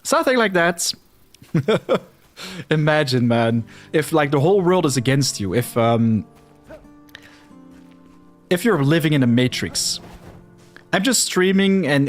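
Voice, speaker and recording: Over soft background music, a young Flemish-accented man speaking Dutch livestreams a game, talking to his chat in a rambling, self-deprecating way. He's unhurried, with long pauses, a voice on the high side, and big swings in pitch.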